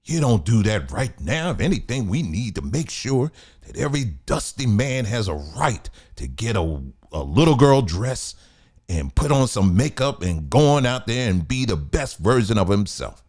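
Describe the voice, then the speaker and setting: A smug party insider hushes and scolds in a condescending tone, as a man puts him on. The voice sits low. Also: very animated, normal speed. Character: smug male party insider hushing people.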